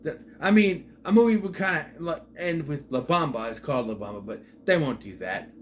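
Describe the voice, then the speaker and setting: A man delivers a casual, off-the-cuff movie review in a slightly higher-than-usual voice. His pitch leaps around expressively as he recounts scenes in disbelief, peppering the retelling with rhetorical questions. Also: fairly quick, a little hiss or hum. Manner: animated, incredulous retelling with frequent rhetorical questions. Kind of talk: casual spoken film review.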